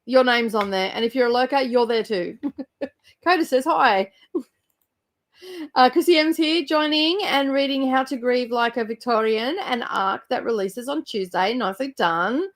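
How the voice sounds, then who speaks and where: A woman's voice: fairly high pitch, normal speed. A young woman hosting a book club livestream, chatting casually, giggling often and greeting viewers by name.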